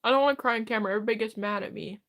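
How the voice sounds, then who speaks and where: A woman streamer with a slightly high voice talks through her chat while close to tears. She speaks haltingly and rambles, stopping and restarting as she runs herself down. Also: fairly bright tone. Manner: halting, rambling, self-deprecating. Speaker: livestreamer. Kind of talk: live chat reading and reply.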